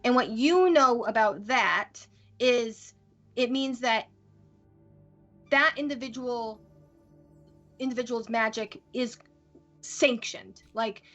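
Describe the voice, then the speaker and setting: A woman narrating a tabletop game as game master, pausing often and using many fillers. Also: on the high side, fairly bright tone, dull audio, faint music behind. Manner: hesitant, full of fillers.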